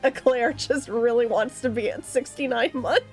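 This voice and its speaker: A woman's voice: a little high, normal speed. A young woman streaming a game, chatting casually with viewers in a giggly way. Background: faint music.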